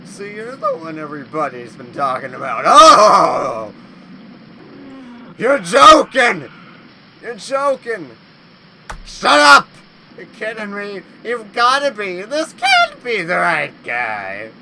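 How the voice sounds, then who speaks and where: A man hosting a let's play horror game video, talking to the game and yelling at its monsters. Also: sits high, a little slow, creaky, few pauses, background noise. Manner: loud, excitable, yelling insults at game monsters. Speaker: gaming video host.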